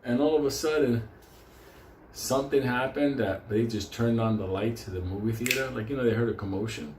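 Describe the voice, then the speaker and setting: A man's voice: mid-range voice, fairly quick, slight background noise. A man tells a comic story full of swearing and bursts of laughter. His voice sits in a middle register. The room has a noticeable echo, with faint ambience behind him. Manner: animated, laughing, heavy swearing. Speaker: show host telling a story.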